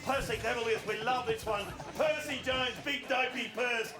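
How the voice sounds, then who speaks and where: Breathless excitable Australian man. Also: very high voice, normal speed, echoey room, music in the background. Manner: excitable, laughing, exclaiming. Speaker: panelist presenting footage segment. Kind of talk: casual studio banter.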